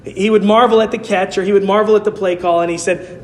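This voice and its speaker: A pastor with a notably high voice delivers his sermon with emphatic conviction, driving his points home through repeated rhetorical lines. His words ring out with a long, hall-like reverb. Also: fairly even intonation, quick pace, a little mellow. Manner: emphatic preaching with rhetorical repetition.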